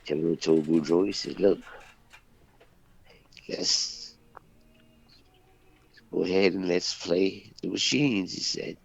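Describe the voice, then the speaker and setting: Radio co-host, male, husky gravelly tone, lively up-and-down delivery, folksy joke teller, muffled lo-fi sound. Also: deep voice, no echo. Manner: folksy, drawn-out storytelling with character dialogue. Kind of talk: telling jokes on a talk radio show. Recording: dull, lo-fi dry radio recording.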